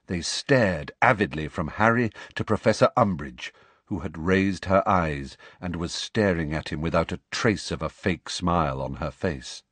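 A man narrating an audiobook in an expressive storytelling manner. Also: sits low, unhurried, dry recording. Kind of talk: scripted narration.

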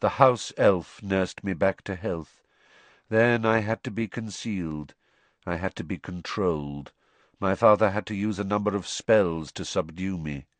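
A man voicing a dazed young man confessing in a flat, expressionless monotone. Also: low-pitched, unhurried, dry recording. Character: young man under truth potion, dazed and hollow.

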